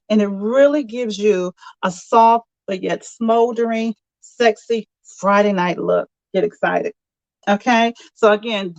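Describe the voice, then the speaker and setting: A woman's voice: mid-range voice, no room sound, lo-fi sound. Chatty woman demonstrating makeup brushes. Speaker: makeup consultant. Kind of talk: makeup tutorial.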